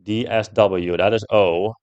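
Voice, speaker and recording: A young man with a fairly low voice commentates a puzzle game, working it out step by step. He swears freely and gets loudly annoyed when a puzzle beats him. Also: fairly even intonation, measured pace, clean tone, muffled recording. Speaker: gameplay streamer.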